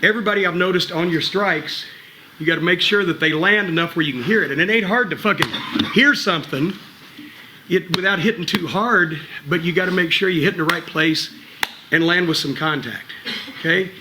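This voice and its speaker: A man's voice: high voice, a little fast, noisy background. A middle-aged man coaching wrestlers in a gym, blunt and profane, mixing advice with wry stories. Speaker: wrestling trainer giving a seminar.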